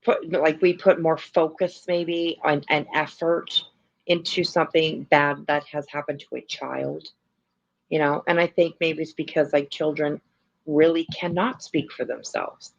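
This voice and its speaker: A woman's voice: deep voice, fairly even intonation, a little slow, gravelly. A woman hosting a casual livestream, rambling with many fillers and the odd swear while she comments and reacts. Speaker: livestream host. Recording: lo-fi stream audio.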